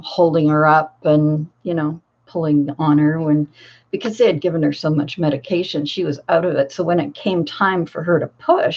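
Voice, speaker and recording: A woman's voice: deep voice, husky, lo-fi sound. An older woman, a grandmother and crafting channel host, telling a family story in a casual, rambling way full of fillers and restarts.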